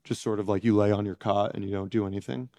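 A middle-aged man with a low, mellow voice answers interview questions in a halting, reflective way, often pausing to search for words. His voice sounds close and dry, with no room around it. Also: fairly even intonation, no echo. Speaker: interview guest, former prisoner.

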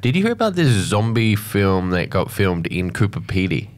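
A man's voice: fairly low pitch, sing-song, moderate pace. A man co-hosting a casual radio chat, curious and teasing, always asking questions.

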